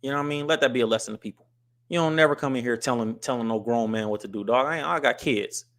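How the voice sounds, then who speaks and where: A blunt, straight-talking man from the US West Coast hosts a casual live stream. He has a middle-pitched voice and often stops to read viewer comments aloud. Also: fast talker, a bit bright. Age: adult with wife and kids. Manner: blunt and scolding to chat, reads comments aloud. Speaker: livestream host.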